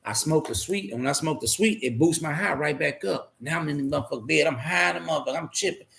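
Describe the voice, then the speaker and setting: A man's voice: a little high, fast talker, vocal fry, fairly bright tone. A man candidly telling his life story in a rambling, profane way, repeating himself as he goes.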